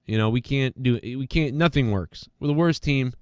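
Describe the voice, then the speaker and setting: A man's voice: mid-range voice, normal speed, smooth, no room sound, highs cut off. A man hosting a podcast, talking in a casual, rambling and profane way while congested from allergies. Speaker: podcast host. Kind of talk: casual solo rant.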